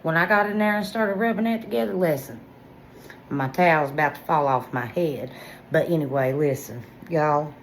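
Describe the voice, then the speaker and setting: A woman, chatting excitedly straight to her viewers about products she loves. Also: low-pitched, moderate pace, slight background noise, low-quality recording. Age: 40s. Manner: excitable, chatty, talks straight to viewers with lots of "y'all" and "listen". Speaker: vlogger reviewing products. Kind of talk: casual product review vlog.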